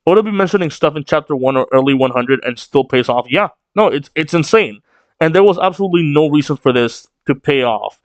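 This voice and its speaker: A man's voice: a little high, expressive, brisk, dry recording, dull audio. A man giving casual, rambling reaction commentary on a manga chapter, full of fillers and swearing.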